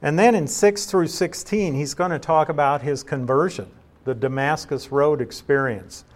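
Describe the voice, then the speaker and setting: A pastor teaching through a Bible passage verse by verse in a conversational way, reading the scripture aloud and explaining it. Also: male voice, a little high, normal speed.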